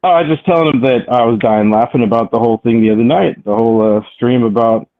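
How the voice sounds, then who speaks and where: A man calling in to a live show, rambling and halting, often laughing as he talks. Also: medium pitch. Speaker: caller. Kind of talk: phone-in chat. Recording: tinny phone line.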